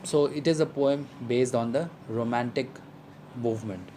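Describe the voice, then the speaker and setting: A man's voice: medium pitch, normal speed, mellow, slight background noise, low-quality recording. A man teaching a lesson, explaining a poem at length with many fillers and restarts. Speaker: literature teacher.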